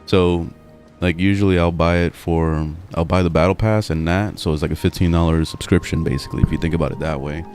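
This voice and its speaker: A man's voice: sits low, steady tone, brisk, a little mellow. A young man chatting casually over gameplay at home, rambling and swearing freely. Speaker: gaming streamer. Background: faint game music.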